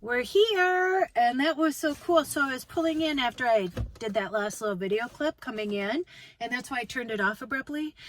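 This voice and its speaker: A woman in her sixties from Minnesota, rambling relaxed in a casual travel vlog from inside her car, with many fillers. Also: on the high side, no echo, low-quality recording. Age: 60s. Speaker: travel vlogger. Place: inside a car on a road trip. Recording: road and engine noise behind.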